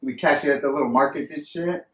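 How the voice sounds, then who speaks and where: A man's voice: fairly high pitch, fast, fairly bright tone, far from the mic. A man from Central California co-hosting a podcast, telling profane, rambling stories in a casual chat. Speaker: podcast co-host. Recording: roomy sound, voice away from mic, faint ambience.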